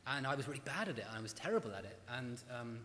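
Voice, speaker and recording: A British man speaks on stage in a large hall, telling his stories quickly and poking fun at himself with lively energy. His medium-pitched voice rings out with a long reverb. A faint murmur of the room sits behind him. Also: slight background noise. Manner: quick, self-deprecating, animated storytelling. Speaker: guest historian. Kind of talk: on-stage conversation. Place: large hall at a live event.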